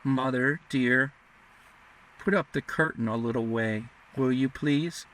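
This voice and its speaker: A man reading as a sweet low-voiced young maiden. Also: slow, fairly bright tone. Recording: distant mic.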